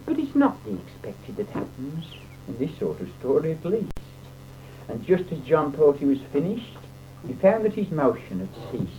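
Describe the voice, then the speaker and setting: Man reciting comic verse, lively and theatrical. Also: a little high, normal speed. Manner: theatrical, mock-dramatic delivery. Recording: dull, slightly noisy old recording. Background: audience laughter.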